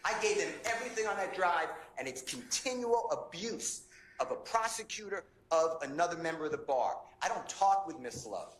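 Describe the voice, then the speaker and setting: A man's voice: high voice, lively intonation, moderate pace. A man in his fifties, a defense attorney, arguing before a judge in an impassioned, indignant and pleading way. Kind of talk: courtroom argument. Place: courtroom. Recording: echoey courtroom recording, faint noise.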